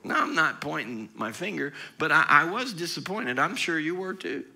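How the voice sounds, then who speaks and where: A man preaching a sermon as pastor, animated and rising to loud, emphatic outbursts. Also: a little high, moderate pace, vocal fry.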